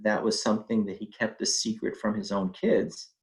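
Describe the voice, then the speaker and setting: A man's voice: fairly low pitch, steady tone, moderate pace, rough recording. A middle-aged man telling a personal family story in a conversational way, with fillers and quoted speech.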